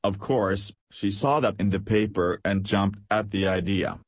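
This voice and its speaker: A man's voice: fairly low pitch, steady tone, unhurried, no echo. A man doing a silky, scheming society lady. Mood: mocking. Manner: light, falsely sweet and insinuating. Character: scheming aristocratic lady, cool and malicious.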